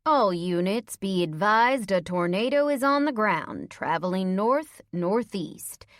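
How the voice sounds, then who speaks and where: A woman reading an audiobook, voicing a calm older police dispatcher who speaks in a flat, measured monotone. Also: mid-range voice, dry recording, clean studio sound. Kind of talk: audiobook character voice.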